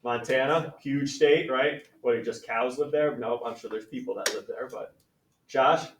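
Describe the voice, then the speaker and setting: A man's voice: mid-range voice, a little slow, noisy background. A male math teacher leading a classroom lesson, talking in a conversational, upbeat way and calling on students by name. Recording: echoey classroom from far off.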